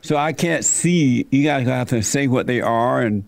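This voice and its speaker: A man's voice: mid-range voice, normal speed, creaky, dry recording. An older man hosting a casual radio talk show, teasing his guests, laughing often and repeating his points.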